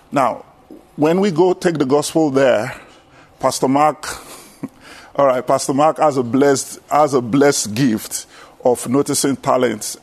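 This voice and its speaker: Gravelly Nigerian pastor with many fillers. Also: male voice, medium pitch. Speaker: pastor and seminary student. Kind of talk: church panel talk.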